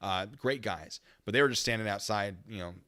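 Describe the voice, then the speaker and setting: A man's voice: lowish voice, a little fast, sharp tone, no room sound, clean studio sound. A man, a former military police investigator, telling a story in a casual stream, rambling and correcting himself as he goes.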